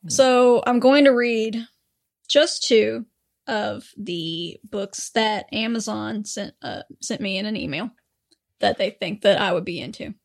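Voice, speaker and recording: A woman's voice: mid-range voice, slow pace, creaky. A woman co-hosting a podcast in a chatty, rambling way, swearing freely. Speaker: podcast co-host. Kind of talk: casual chat.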